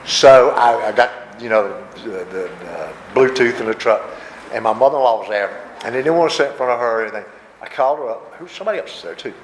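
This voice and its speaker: A man's voice: medium pitch, expressive, fast talker. A man, giving a folksy, self-mocking personal recovery talk at a workshop. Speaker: workshop speaker. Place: convention hall. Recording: echoey room with background noise.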